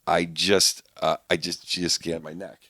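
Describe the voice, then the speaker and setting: A man's voice: low-pitched, level tone, normal speed, creaky, bright, forceful tone, slightly rough. A middle-aged man from Pittsburgh, a guest comedian telling a rambling anecdote on a podcast, full of restarts. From Pittsburgh, USA. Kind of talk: casual storytelling on a podcast.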